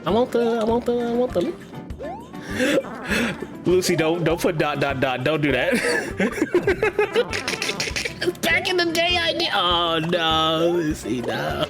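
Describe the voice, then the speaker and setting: A man talks casually to his stream audience, laughing often and cursing freely. His voice sits a little high and swings widely in pitch, and he talks slowly. Game music plays clearly behind him. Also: big pitch swings. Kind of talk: casual chat while gaming.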